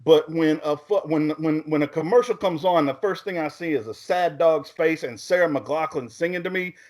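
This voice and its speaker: A man's voice: on the high side, moderate pace, a little mellow. A man hosting a casual podcast, joking and swearing as he runs the segments. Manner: joking, profane, hosts the segments. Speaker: podcast host.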